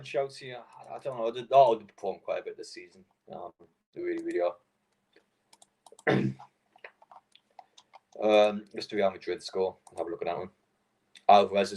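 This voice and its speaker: Young male streamer, low husky voice, loose and profane, full of fillers. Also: a little fast, long pauses. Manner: frustrated, swearing, rambling with fillers. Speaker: live stream host. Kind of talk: casual football watchalong chat.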